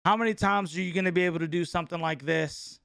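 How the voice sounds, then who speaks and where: A man, hosting a casual live-stream reaction chat in an excitable, slangy way, laughing often and calling everyone bro. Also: sits high, fast, vocal fry, smooth, no room sound, studio quality. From North Carolina.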